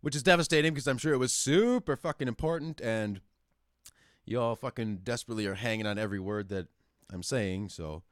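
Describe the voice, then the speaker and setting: A man in his thirties rants freely as host of a call-in show, swearing through nearly every sentence. His voice sits at an ordinary middle pitch, close and dry with no room sound behind it. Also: brisk, no echo. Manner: profane, ranting, animated. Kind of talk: casual rant. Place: lives in the Upper Midwest.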